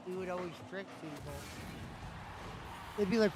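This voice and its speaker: A man from Ohio with a notably high voice joins the chat as co-host. He talks in a laid-back way and laughs easily. Clear background noise hisses under his voice. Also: moderate pace, long pauses. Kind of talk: casual chat. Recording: noisy background hiss.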